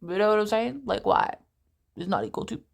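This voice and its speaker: Chatty young woman with a gravelly edge. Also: mid-range voice, lively intonation, brisk. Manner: chatty, swearing, laughing asides. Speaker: actress vlogger. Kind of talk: casual vlog with a book reading. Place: at home.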